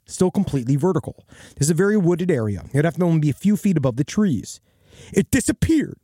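Podcast host, man, reads a listener story with wry asides, fairly high voice, dry close sound. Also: warm tone, no echo. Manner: wry, conversational, with crude asides. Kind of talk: reading a listener story aloud, casual chat.

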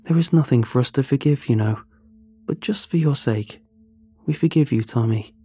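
Gentle female ghost, read by a man; soft, reassuring, husky. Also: mid-range voice, normal speed, close to an everyday voice.

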